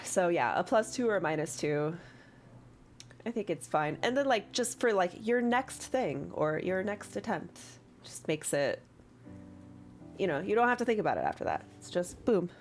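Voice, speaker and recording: A woman's voice: lowish voice, sing-song, moderate pace, faint music behind. A woman running a tabletop game as game master, chatting casually in a rambling way with lots of fillers and some swearing.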